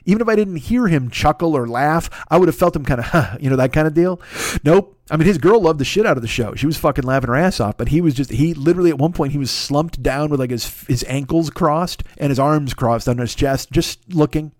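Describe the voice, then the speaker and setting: A man who is a stand-up comedian, hosting a podcast and telling a profane story as a monologue that builds in excitement. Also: fairly high pitch, brisk, dry recording, studio quality. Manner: animated, swearing, rants with mounting excitement. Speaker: podcast host.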